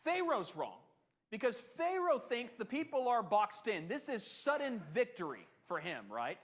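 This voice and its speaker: Guy teaching a bible class, high voice that swoops all over, chatty, keeps asking the room questions. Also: unhurried. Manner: animated, conversational, asks the class questions. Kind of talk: adult Bible class lesson.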